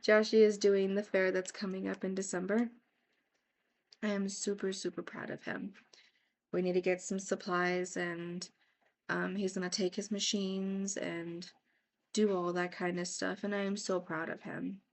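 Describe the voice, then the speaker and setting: A woman vlogger giving a casual, rambling personal update, repeating herself, with fillers and soft laughs. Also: mid-range voice, level tone, measured pace.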